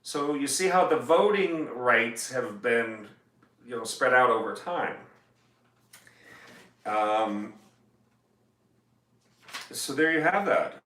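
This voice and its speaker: A man, an attorney, talks casually on a livestream, reading legal text aloud and tossing in quips. His voice is bright and forward. The sound carries a noticeable room echo from his home music room. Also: medium pitch, lively intonation, takes it slowly, pauses often. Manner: chatty, reads legal text aloud then jokes about it.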